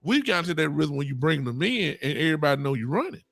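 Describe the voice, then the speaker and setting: A man hosting a sports podcast, talking excitably and preaching to his listeners. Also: fairly high pitch, fast, vocal fry, no room sound, faint music behind. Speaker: podcast host. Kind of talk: animated sports talk.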